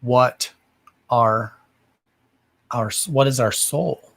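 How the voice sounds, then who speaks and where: A man hosting a live psychic reading stream, answering viewers slowly and deliberately and often calling them "darling". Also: mid-range voice, creaky, fairly bright tone, no echo. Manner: slow and deliberate, calls viewers "darling", says "okay" again and again.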